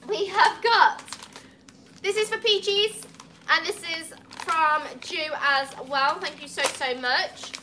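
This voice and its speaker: A woman's voice: very high voice, slow pace, noisy background. A woman opening gifts at a cat cafe, chatting casually and cooing at the cats. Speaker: cat cafe staff member.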